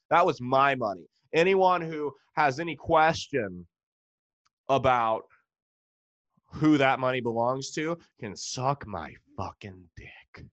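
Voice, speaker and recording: A man's voice: mid-range voice, expressive, slow pace, a bit bright, no echo, lo-fi sound. A man with an American accent, a stand-up comedian delivering a profane, sarcastic rant.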